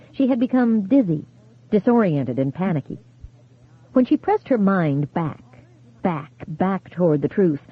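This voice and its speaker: An audiobook narrator reading a horror novel in a measured, storytelling manner. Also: medium pitch. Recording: tinny phone-like sound.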